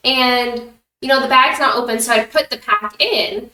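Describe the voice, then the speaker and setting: A woman's voice: a little high, moderate pace, pushed and bright. A woman in casual chat, telling stories with many "like" fillers. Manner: chatty, lots of "like" fillers. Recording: echoey room, distant mic.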